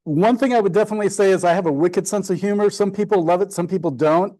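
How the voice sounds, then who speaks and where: Higher-voiced sarcastic middle-aged man. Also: fast talker, mellow. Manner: sarcastic, self-deprecating. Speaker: presenting photographer. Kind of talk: casual presentation to a club.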